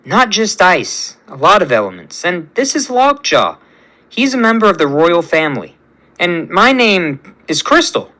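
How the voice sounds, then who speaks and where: A man reading as a gentle, curious young princess from a fan story. He speaks softly and earnestly, in a bright voice that keeps moving up and down. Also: high voice, big pitch swings, a little slow, exaggerated voice, low-quality recording.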